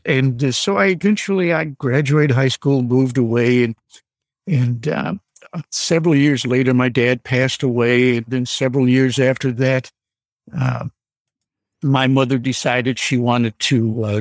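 An older man in his seventies tells a ghost story from his youth as a caller on a show. He speaks slowly and deliberately, pausing often. His voice sits in the middle range and is recorded dry and close. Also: mid-range voice, dry recording. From Michigan. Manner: slow, deliberate storytelling with frequent "uh" pauses. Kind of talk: storytelling on a radio call.

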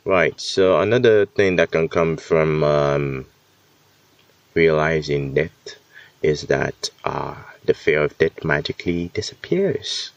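A man's voice: extremely low pitch, takes it slowly, dry recording. A young man hosting a solo podcast, talking candidly and casually, swearing now and then and catching himself mid-thought. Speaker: podcast host. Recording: slightly dull lo-fi recording.

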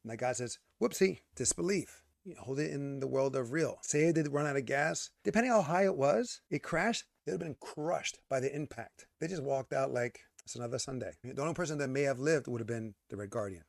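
A man co-hosting a casual movie review, ranting and arguing in an animated way. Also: medium pitch, a little fast, creaky, few pauses, no echo, studio quality. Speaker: podcast co-host.

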